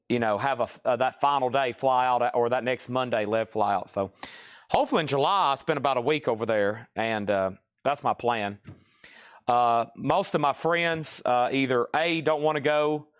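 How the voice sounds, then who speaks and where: A man from the American South with a clear Southern accent hosts a live record sale. His voice sits in a middle range, and he rambles and chats casually, laughing often between his asides. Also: mid-range voice, normal speed. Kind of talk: casual live-stream selling chat.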